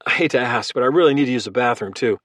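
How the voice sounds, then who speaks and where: A man's voice: medium pitch, very fast, fairly bright tone, no echo, studio quality, lightly acted. A man voicing a calculating ex-Marine. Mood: casual. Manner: casual and friendly, turning hard. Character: former male Marine, calm and calculating.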